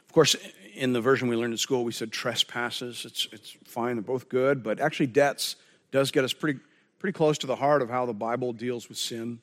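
A man's voice: mid-range voice, brisk, in a large hall. A man preaching a sermon as pastor, earnest and conversational, often restarting his phrases.

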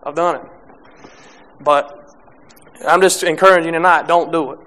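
A young man preaching a sermon, halting with many restarts and fillers, reading scripture and speaking plainly about faith. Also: fairly high pitch, fairly even intonation, fairly bright tone.

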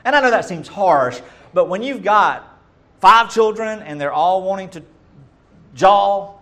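A man's voice: high voice, lively intonation, unhurried, fairly bright tone. Emphatic middle-aged man preaching. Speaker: pastor. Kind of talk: sermon.

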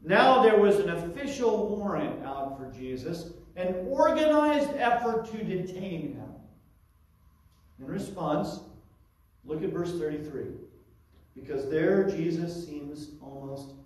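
A man's voice: fairly high pitch, expressive, takes it slowly, recorded from a distance. Man preaching verse by verse, echoey room. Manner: teaching verse by verse with asides. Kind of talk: expository sermon.

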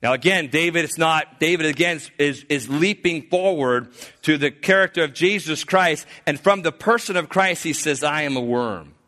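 A man preaching a sermon, swinging between loud, emphatic lines and hushed, slowed passages, often restarting his sentences. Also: fairly high pitch. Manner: earnest, with frequent restarts and filler.

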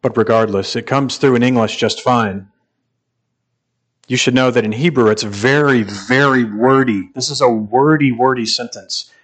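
Earnest male pastor preaching a sermon. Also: mid-range voice. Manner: earnest, builds to emphatic passages; measured, with pauses and repeated phrases.

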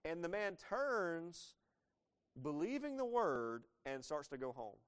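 A man's voice: on the high side, sing-song, takes it slowly, smooth. Man preaching a conversational sermon. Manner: conversational preaching with rhetorical questions. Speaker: pastor.

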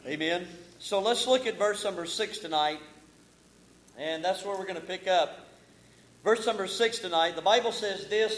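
High-voiced preacher in a roomy church. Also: male voice. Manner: folksy preaching, reads scripture slowly and with emphasis. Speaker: pastor. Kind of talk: evening sermon with scripture reading. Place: church sanctuary.

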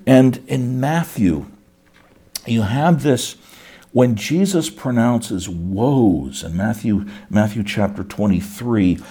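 Slow, low-voiced preaching man. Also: dark tone, slightly rough. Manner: earnest preaching, repeating words as he builds. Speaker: pastor. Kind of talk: sermon.

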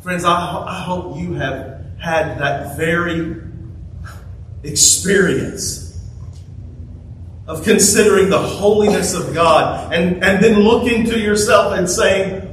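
A man delivers a sermon at an unhurried pace, his fairly high voice leaning on repeated words for emphasis. He stands well back from the microphone. The sound rings in a very echoey sanctuary over faint background noise. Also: fairly even intonation, fairly bright tone. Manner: slow, deliberate preaching with emphatic repetition. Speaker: preacher. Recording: echoey room, speaker far from mic, faint noise.

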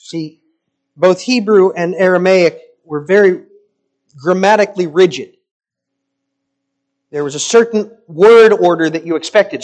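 A man preaching a sermon in an emphatic, rhetorical style with deliberate pauses. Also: high-pitched, darkish tone.

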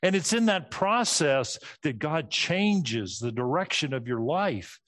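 Man, middle-aged preacher, slightly high voice, methodical teaching sermon, phrase ends fall low. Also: expressive, takes it slowly, few pauses, a bit bright. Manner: structured, teaching, drops pitch at phrase ends. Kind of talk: expository sermon.

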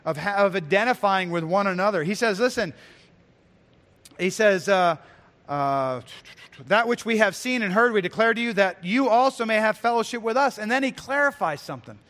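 A man's voice: high-pitched, animated, moderate pace, fairly bright tone, long reverb tail. A male pastor preaching an earnest, emphatic sermon with repeated phrases.

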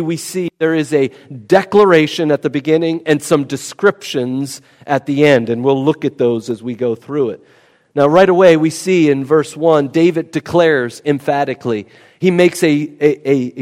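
A man's voice: fairly high pitch, a little mellow. A man preaching an expository sermon, emphatic and teaching, often repeating key words for weight. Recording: long hall reverb.

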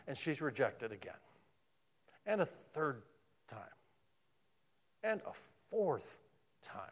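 A man preaches a sermon in a medium-pitched, sing-song voice, taking it slowly. He swings from loud, emphatic lines down to hushed, almost whispered ones.

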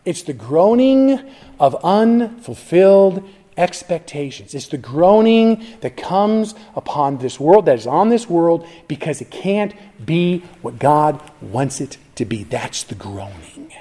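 A middle-aged male pastor preaching a sermon, emphatic, swinging between hushed lines and loud, rising ones, with frequent restarts. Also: a little high.

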